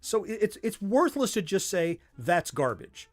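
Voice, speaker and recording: A middle-aged man with a Southern US accent hosts a casual livestream from his home workspace, chatting and wandering off on tangents. His voice sits high and is expressive, at a normal speed.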